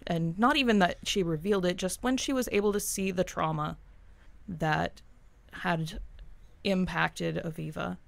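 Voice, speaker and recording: Tabletop player, gravelly mid-pitched voice, earnest delivery. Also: measured pace, no echo. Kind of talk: tabletop role-play.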